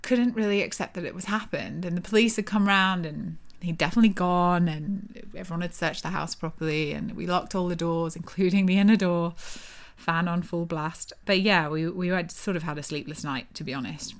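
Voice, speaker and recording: A young woman vividly retelling a personal story to her viewers, with breathless restarts. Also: on the low side.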